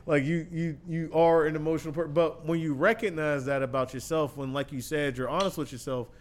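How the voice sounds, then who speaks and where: A man hosting a podcast, speaking thoughtfully and affirming his guest, with frequent casual fillers. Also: medium pitch. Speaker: podcast host. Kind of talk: reflective podcast conversation.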